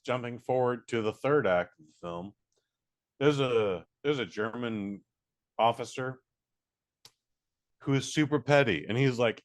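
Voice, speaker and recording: A man co-hosting a podcast, reviewing a film in casual chat, animated and profane, acting out quotes. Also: mid-range voice, measured pace, long pauses.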